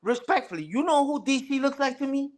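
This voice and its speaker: A man's voice: extremely high pitch, expressive, a little fast. A young man ranting on a casual livestream, trash-talking other streamers in a profane, repetitive way, often tagging lines with "you heard?" and "respectfully". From Puerto Rican family on mother's side. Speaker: live streamer.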